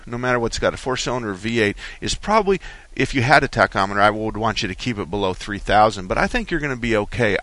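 A man hosting a call-in car repair radio show, explaining things slowly and folksily with frequent restarts. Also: medium pitch, a bit bright, no room sound.

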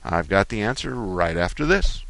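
A man hosting a call-in car repair radio show, explaining things slowly and folksily with frequent restarts. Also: low-pitched, animated.

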